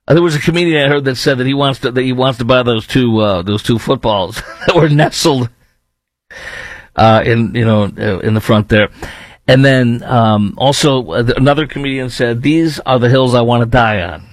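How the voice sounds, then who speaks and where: A man hosting his own podcast, giving animated, mocking commentary and laughing between remarks. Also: mid-range voice, normal speed, no echo. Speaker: podcast host. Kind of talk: opinionated commentary.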